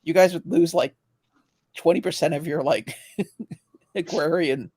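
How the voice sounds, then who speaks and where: A man with a fairly high-pitched voice hosts a relaxed livestream chat. He rambles, restarts his sentences and laughs often. His voice is picked up close and dry, with no room sound. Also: a little slow, slightly rough, no room sound. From Canada. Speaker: livestream host.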